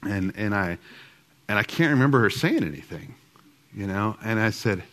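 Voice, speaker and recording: A middle-aged man co-teaches a group about marriage with his wife, speaking casually and poking fun at himself, with lots of fillers and restarts. His voice is lowish, expressive and fairly bright, at a normal pace.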